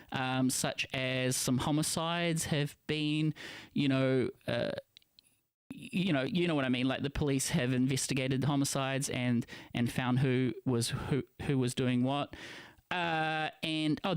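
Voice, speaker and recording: A man with a New Zealand accent rambles through a live internet radio show, breaking off and restarting his sentences. His voice sits a bit high for a man, and the sound is dry and close, with no room around it. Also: clear, resonant tone, no echo. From Philippines. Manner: rambling, self-interrupting, conspiratorial. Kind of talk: casual live-stream monologue.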